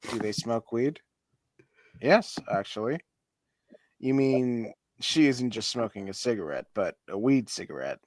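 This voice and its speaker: A man's voice: medium pitch, expressive, a little slow, no echo, studio quality. A man, a podcast co-host, doing a theatrical comedic reading of online posts and often breaking into laughter. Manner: theatrical, over-the-top delivery. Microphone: home mic on an online stream call.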